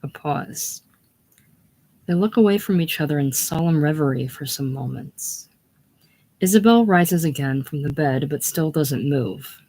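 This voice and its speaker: Reader for the stage directions, slow and plain, casual read-through. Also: mid-range voice, lively intonation, a little mellow. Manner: plain, unhurried. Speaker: play reader.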